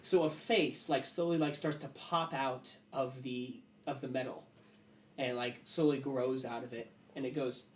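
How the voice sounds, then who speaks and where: A man's voice: mid-range voice, fairly even intonation, unhurried, echoey room, far from the mic, slight background noise. A man narrating a tabletop game as game master, in a casual style full of fillers.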